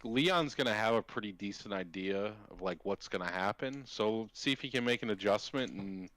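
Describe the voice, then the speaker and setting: A man's voice: lowish voice, normal speed, a bit bright, no room sound. A young man co-hosting a casual sports podcast, laid back with short teasing remarks. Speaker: podcast co-host.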